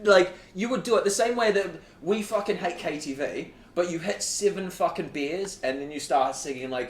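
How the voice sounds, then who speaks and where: A man's voice: high voice, animated, moderate pace, few pauses. Chatty young man in an echoey room. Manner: chatty, swears, laughs easily. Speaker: podcast co-host. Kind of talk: casual chat.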